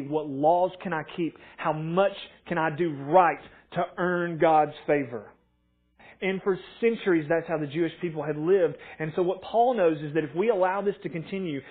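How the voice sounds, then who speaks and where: A man preaching a conversational sermon, telling stories and acting out quotes in an animated way. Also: a little high, breathy edge, phone-quality sound. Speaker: pastor.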